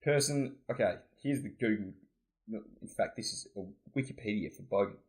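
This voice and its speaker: Fairly low in pitch and fairly quick, this man's voice carries an Australian accent. He's a guest on a podcast, chatting casually in a relaxed, meandering way and laughing frequently.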